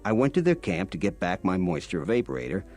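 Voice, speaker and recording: Game NPC: a husky, bitter farmer, lively low pitch. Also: male voice, brisk, faint music behind. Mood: aggrieved. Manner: complaining, bitter. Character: weary aggrieved male farmer settler, middle-aged. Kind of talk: video game voice acting.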